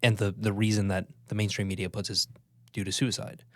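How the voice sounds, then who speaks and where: A man's voice: on the low side, flat delivery, brisk, no echo. A man co-hosting a podcast, talking in an offhand, conspiratorial, teasing way in late-night chat. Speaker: podcast co-host.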